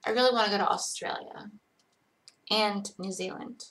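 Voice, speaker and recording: A woman in her twenties, from Georgia, USA, chats on a livestream, reading and answering viewer questions with lots of rambling, "likes," and "ums." Her accent is light, Connecticut-tinged American, barely Southern. She speaks at normal speed in a medium-pitched, a bit bright voice with fairly even intonation.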